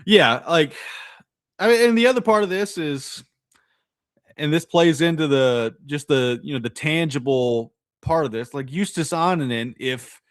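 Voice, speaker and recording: A man co-hosting a sports radio show, working through an argument out loud with restarts and asides. His voice sits at an ordinary middle pitch. The studio sound is close and dry. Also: no echo. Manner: thinking aloud, stacked restarts, argumentative. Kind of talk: casual sports talk.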